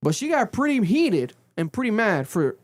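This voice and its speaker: Man, podcast co-host, casual recap chat, somewhat high pitch, animated storytelling. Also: normal speed. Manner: animated storytelling, acts out quotes with big pitch jumps. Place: podcast studio.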